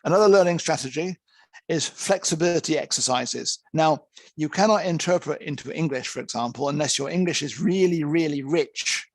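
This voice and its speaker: Guy lecturing on interpreting, kinda high voice, punchy and emphatic, dry close sound. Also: moderate pace, dry recording. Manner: lively, emphatic, counts out examples. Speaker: interpreting teacher. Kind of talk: online lecture.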